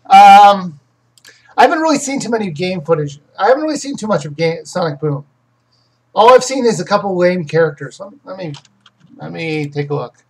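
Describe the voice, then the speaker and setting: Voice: medium pitch, very animated, fairly quick, slight background noise, rough recording. A game reviewer hosting a casual live question session who rambles, restarts sentences and gives opinions on games. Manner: rambling, self-correcting, many restarts.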